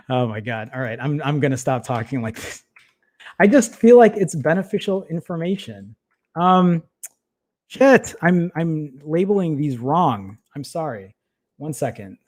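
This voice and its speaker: This is a man hosting a casual tech livestream, his voice sitting slightly higher than most men's. He rambles and stumbles over his words, breaks off to mutter or swear quietly under his breath, and keeps asking his viewers to bear with him. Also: big pitch swings, unhurried. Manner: rambling, self-interrupting, apologetic while fumbling with files. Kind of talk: casual live-stream chat.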